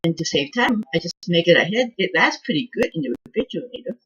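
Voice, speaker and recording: Female cooking host, soft-spoken and husky, lively up-and-down pitch, rambling home-kitchen chat. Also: quick pace, highs cut off. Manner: rambling, chatty, trails off with "I don't know". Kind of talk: casual cooking vlog.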